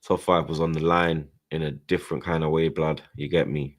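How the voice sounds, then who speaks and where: A man in casual football banter, teasing and slangy, shouting out viewers from the chat. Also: a bass voice, flat delivery, normal speed. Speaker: football fan panelist.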